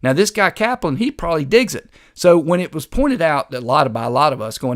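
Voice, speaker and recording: A man's voice: on the high side, sing-song, a little fast, hardly any pauses, a bit bright. A man hosting a political commentary show, talking in a sarcastic, combative way. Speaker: host.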